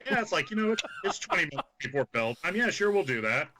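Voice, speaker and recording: A man's voice: fairly high pitch, fast talker, a crowd in the background. A man from Kansas, a wrestler guest, telling profane stories full of quoted voices in casual chat. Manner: animated, swearing anecdotes full of quoted voices.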